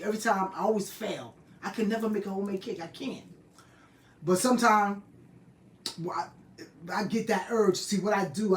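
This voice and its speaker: An older woman hosting a live stream, chatting casually and fondly reminiscing, greeting viewers as she goes. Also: medium pitch. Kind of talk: casual chat. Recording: roomy and distant from the mic.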